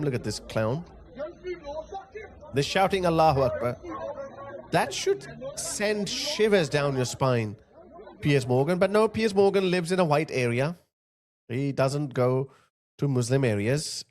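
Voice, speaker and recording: Indignant man, pitch swinging wildly. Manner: indignant, rhetorical, repeated questions. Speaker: online political commentator. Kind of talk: heated commentary over video clips.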